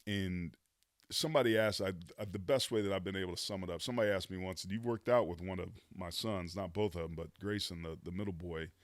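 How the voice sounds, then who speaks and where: Deep-voiced and fast-talking, this fifty-something ex-pro footballer reflects on his life during a podcast conversation. He's earnest and uplifting, drops casual slang, and the studio audio is clean with no echo.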